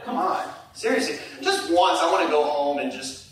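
A middle-aged man preaching a sermon, animated, climbing to high emphatic peaks and dropping to hushed asides. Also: normal speed, a little hiss or hum. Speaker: pastor. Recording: echoey hall, distant mic.

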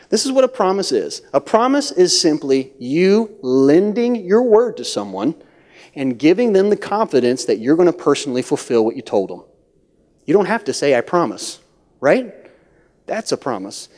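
A man preaching a sermon as pastor of a church, swinging from hushed near-whispers to loud, high-pitched acted-out voices. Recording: long hall reverb.

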